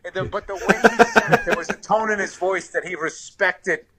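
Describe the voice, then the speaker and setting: A man co-hosting a podcast, telling an energetic anecdote full of swearing. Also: high voice, brisk, crowd noise. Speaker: podcast host. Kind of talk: casual storytelling. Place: podcast studio.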